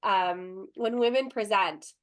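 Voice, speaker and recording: A woman in her thirties speaking on a panel, telling stories in a calm, earnest way. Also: mid-range voice, slow. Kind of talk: panel discussion.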